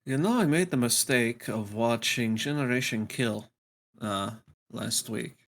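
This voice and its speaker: A man voicing an exhausted, bitter woman survivor in a tabletop role-playing game, speaking dry and flat. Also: mid-range voice, a little slow. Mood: wry.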